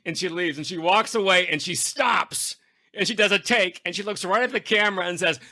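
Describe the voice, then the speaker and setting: Male podcast host with a very bright, somewhat high voice. He tells stories with effusive enthusiasm in easy, casual chat. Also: a little fast.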